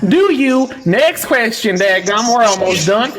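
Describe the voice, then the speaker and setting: A man voicing a blustering rural Southern hillbilly with a put-on Southern accent, loud and folksy. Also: lively intonation, crowd noise. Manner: folksy exclamations, raised pitch, drawn-out shouts.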